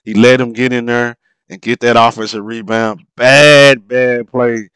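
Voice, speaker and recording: A man's voice: mid-range voice, level tone, normal speed, a bit bright, clear, resonant tone, no echo. A man commenting on old basketball game footage, talking informally with frequent exclamations and laughs at mistakes. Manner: informal, drops verb endings. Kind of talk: excited play-by-play commentary over a replay.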